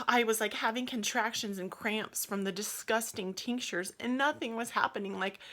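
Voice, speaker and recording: A woman's voice: on the high side, moderate pace, bright, forceful tone. A woman casually telling her own story in a vlog, emotional and often dropping to a near-whisper. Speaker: yoga vlogger telling her birth story.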